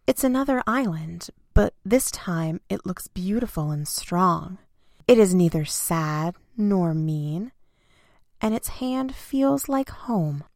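A woman narrating a children's bedtime story in a clear, expressive way. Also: lowish voice, takes it slowly, dry recording, clean studio sound.

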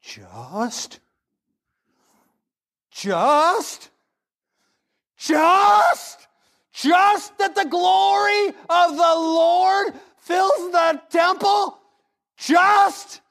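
A man playing a shouting, exasperated professor. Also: extremely high pitch, lively intonation, very slow, long pauses, voice pushed up, full character voice. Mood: incredulous. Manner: incredulous shouting. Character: exasperated demanding male seminary professor.

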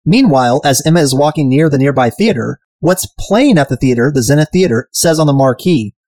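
A man's voice: on the high side, animated, a little fast, a little mellow, no echo. Irreverent man recapping a TV show. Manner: irreverent, profane, mimics characters. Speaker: podcast host. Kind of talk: casual episode recap chat.

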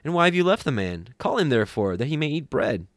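A man's voice: fairly high pitch, very animated, fast, dry recording, studio quality, voice pushed up. A man voicing an eager, hospitable old priest-father who asks urgent questions.

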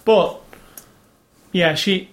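A man's voice: high-pitched, drawn-out words. A man co-hosting a casual movie review chat, opinionated as he goes through the cast.

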